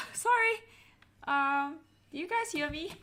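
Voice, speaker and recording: A woman's voice: sits high, expressive, slow pace, sharp tone. A woman hosting an art livestream in casual, chatty talk, giggling often and filling her speech with "like" and "um". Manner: chatty and giggly, full of fillers.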